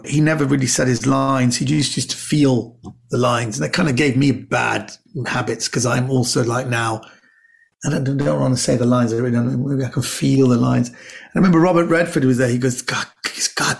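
This comedian and actor guest from Britain is middle-aged and has a medium-pitched, creaky voice that runs a little fast. He's an animated storyteller in a casual chat, impersonating the people in his anecdotes and frequently starting his sentences over.

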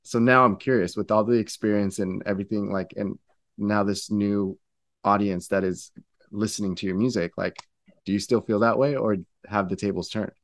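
A man's voice: lowish voice, fairly even intonation, moderate pace, no echo, studio quality. A man interviewing a musician, asking questions casually with loose, filler-heavy phrasing.

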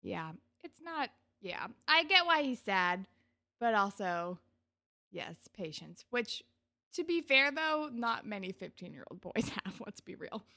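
A woman's voice: medium pitch, sing-song, measured pace, gravelly, sharp tone. A woman recapping a TV episode casually, laughing often and acting out scenes as she retells them.

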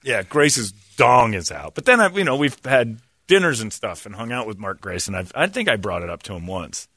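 A man in his forties, a radio show host, telling casual stories on a podcast and breaking into loud high impressions and shouts. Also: sing-song, moderate pace, slightly rough, dry recording, clean studio sound. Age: 40s.

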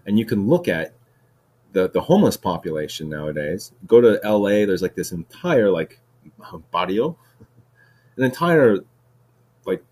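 With a lowish, darkish voice, a podcast host rambles through a casual monologue on his own. He keeps circling back, repeating words and restarting, while saying "like" and "dude" constantly.

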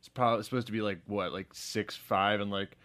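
A man co-hosting a podcast in casual chat, animated, laughing often and filling his talk with "like". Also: fairly low pitch, moderate pace. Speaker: podcast co-host.

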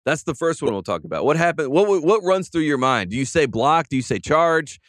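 A man's voice: on the high side, very animated, brisk, no echo. A man hosting a sports podcast, ranting in an emphatic, fired-up way in casual chat. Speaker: podcast host.

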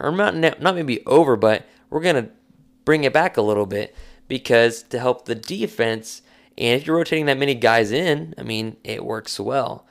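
A man co-hosting a casual sports podcast, talking in a slangy, animated way and acting out quotes. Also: medium pitch, moderate pace. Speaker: podcast co-host.

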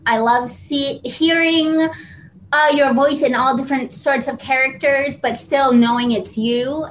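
A woman's voice: fairly high pitch, a bit bright, a little hiss or hum, rough recording. A woman interviewer asking a long question, hesitant with many ums and uhs.

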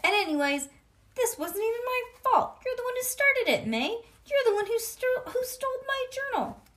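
A woman voicing a feisty little schoolgirl who protests in a high, exclaiming voice. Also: big pitch swings, moderate pace, fairly bright tone, heavily acted. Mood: indignant.

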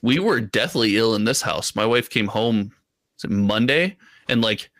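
A man with a bright, forward voice teases his co-hosts in fast banter on a podcast. His pitch leaps around a lot, and the recording is close and dry. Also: lively intonation, dry recording. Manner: teasing, quick banter. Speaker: podcast co-host. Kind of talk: casual chat. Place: home.

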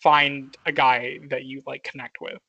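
Young man with a gravelly, creaky voice. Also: mid-range voice, flat delivery, unhurried, bright, forceful tone, no room sound, dull audio. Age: young adult. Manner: rambling, filler-heavy, laughs often, swears casually. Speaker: podcast co-host. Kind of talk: casual podcast chat.

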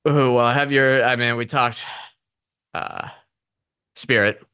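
A man's voice: mid-range voice, fairly even intonation, slow pace, bright, forceful tone, clean tone, no room sound, studio quality. A man co-hosting a casual investing show, thinking aloud and repeating words as he talks. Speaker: podcast co-host.

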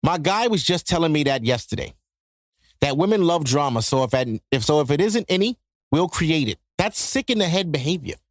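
A man hosts a podcast, talking in a high-pitched voice. He rants in a profane, joking style. The sound is dry and close, with no room echo. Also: lively intonation, fairly quick. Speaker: podcast host. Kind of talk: casual monologue.

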